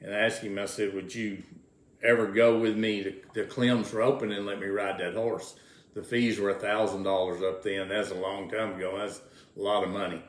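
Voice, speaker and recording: A man's voice: fairly low pitch, little pitch movement, moderate pace. An older man, telling folksy rodeo stories as an interview guest, repeating words as he goes. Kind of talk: casual storytelling. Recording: roomy echo.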